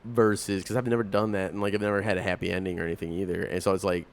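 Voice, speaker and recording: A very low-pitched man in his thirties hosts a casual podcast chat. He talks frankly and rambles, stacking "like" and restarting his sentences. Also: flat delivery, rapid-fire, vocal fry. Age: 30s. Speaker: podcast host. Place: coffee house.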